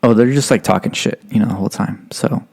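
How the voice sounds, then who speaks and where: A man's voice: lowish voice, fast talker, gravelly, breathy edge. A young man casually telling a rambling, profane story as a podcast guest. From United States. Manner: profane, rambling, acts out drill instructors' yelling.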